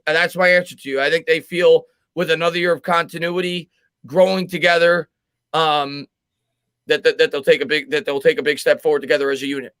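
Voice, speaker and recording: Sports talk guy, bright punchy voice, kinda high, dry mic, repeats himself when he argues. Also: no room sound. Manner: fast, emphatic, repeats words when arguing. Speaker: sports podcast host. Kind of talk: live sports chat reading viewer comments.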